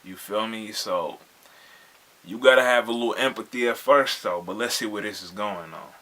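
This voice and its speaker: A man's voice: fairly low pitch, moderate pace, a bit bright. A man hosting a reaction video, commenting casually in laid-back slang and often asking "you feel me".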